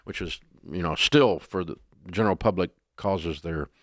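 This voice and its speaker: An older man as an interview guest, telling stories in a folksy, animated way. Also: low-pitched, moderate pace, no room sound, studio quality. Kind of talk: storytelling interview.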